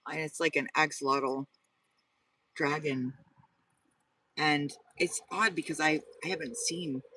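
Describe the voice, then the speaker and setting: A vlogger living in his car goes live at night from inside it, talking loosely with viewers, wandering off topic and saying things twice. He has a fairly high, sharp-toned voice, picked up by a distant mic with slight background noise.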